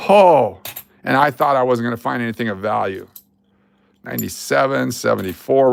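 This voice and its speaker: A man hosting a casual live coin-hunting stream, excitable and chatty with his viewers as he sorts rolls of coins. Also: medium pitch, creaky, dry recording. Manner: excitable, hypes finds, chats with viewers. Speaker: coin roll hunting livestream host.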